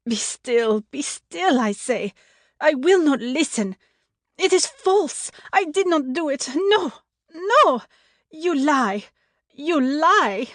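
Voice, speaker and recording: A woman's voice: very animated, unhurried, no room sound, clean studio sound. A woman voicing an indignant maid who is hiding a false identity, in a play reading. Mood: frantic denial. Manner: shrill, indignant protests. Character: cornered female maid posing as French, defiant. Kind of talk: amateur audiobook play reading.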